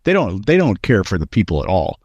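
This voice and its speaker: A man's voice: fairly low pitch, very animated, a little fast, a little mellow, no echo, highs cut off. Opinionated guy on a political talk show, emphatic, trips over his words, dry close mic. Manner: emphatic and opinionated, with frequent restarts. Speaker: co-host.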